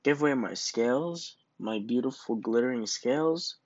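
A man voicing a proud, vain male fish from a storybook, with a haughty, sharp manner. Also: medium pitch, fairly even intonation, moderate pace, no echo, highs cut off, close to an everyday voice. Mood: horrified.

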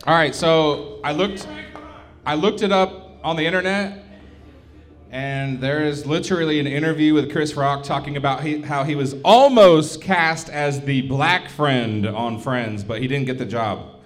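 A man's voice: fairly high pitch, unhurried. A man hosting a live stand-up show in a comedy club, bantering loosely and cursing with the crowd.

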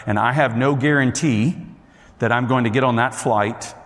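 A man's voice: medium pitch, moderate pace, a bit bright. A man telling a personal story to an audience in a chatty way, talking straight to the listeners and acting out what people said. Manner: chatty, addresses the listeners directly, acts out quotes. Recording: long hall reverb.

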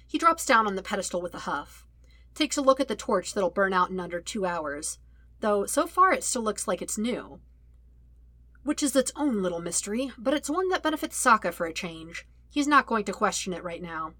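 Woman, audiobook narrator, wry lively storytelling, crisp bright tone, dry close sound. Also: medium pitch, normal speed, no echo. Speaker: audiobook reader. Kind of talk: scripted fiction narration.

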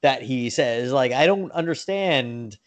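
A man's voice: mid-range voice, animated, measured pace. A man co-hosting a casual podcast chat who rambles, laughs often and repeats his words. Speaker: podcast host.

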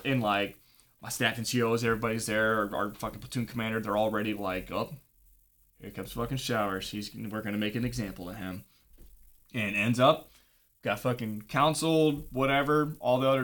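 A man's voice: mid-range voice, fairly even intonation, brisk, a bit bright. A young man telling a long story in casual chat, swearing a lot and acting out what people said. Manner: profane, rambling, acts out dialogue.

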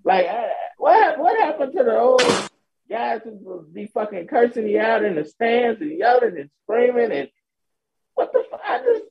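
A man co-hosting a podcast, ranting and mocking loudly in profane casual chat. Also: very high voice, lively intonation, normal speed, vocal fry, noisy background. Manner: loud, ranting, mocking, laughs a lot. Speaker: podcast co-host. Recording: dull lo-fi sound.

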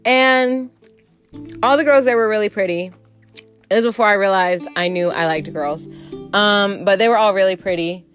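A young woman from the American South talks casually about her past jobs, blunt and unfiltered, swearing freely. Her voice sits at an ordinary middle pitch, and she slips into little impressions of the people she describes. Soft music plays faintly underneath. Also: moderate pace. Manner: blunt, profane, candid; acts out quoted customers and coworkers. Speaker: vlogger. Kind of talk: casual storytime monologue.

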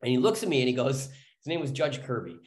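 A man in his forties, a podcast guest, telling a personal story in a rambling way, often restarting his sentences and growing animated as he goes. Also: medium pitch, quick pace. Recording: echoey room.

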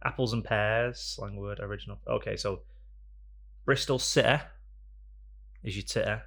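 A man hosting a podcast in a studio, rambling and joking with bursts of loud energy. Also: lowish voice, steady tone, normal speed, gravelly. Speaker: podcast host. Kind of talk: casual chat. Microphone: studio microphone.

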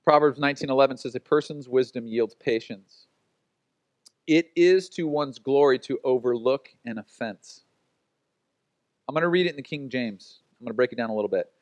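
A man's voice: medium pitch, no echo. A man preaching as a pastor in a casual, conversational way, acting out quotes and laughing at his own stories. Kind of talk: sermon.

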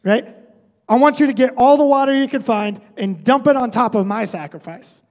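A pastor doing a brash, confident prophet. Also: male voice, very high voice, moderate pace, darkish tone, in a large hall, pitched above the performer's own voice. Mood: cocky. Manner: brash, playful. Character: bold confident male prophet taunting rivals.

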